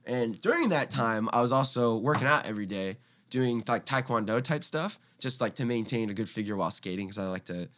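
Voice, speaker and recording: A young man, a skateboarder guest on a podcast, telling a story casually and acting out the quoted lines in loud, animated voices. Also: mid-range voice, a little fast.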